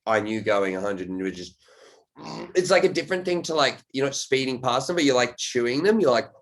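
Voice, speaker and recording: A man's voice: mid-range voice, animated, brisk. A man hosting a podcast, chatting casually in a loose, rambling way and swearing freely. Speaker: podcast host.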